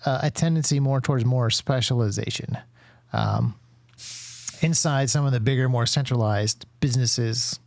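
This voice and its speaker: A man's voice: mid-range voice, gravelly, dry recording. A man hosting a casual interview, talking in a rambling way with many fillers and self-corrections. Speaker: podcast host.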